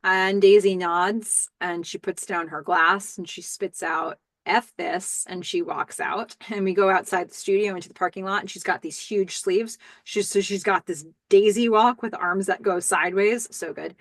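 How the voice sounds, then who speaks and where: A woman hosting a podcast, casually recapping a TV episode and musing aloud with fillers and quick laughs. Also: medium pitch, fairly bright tone, dry recording. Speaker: podcast host.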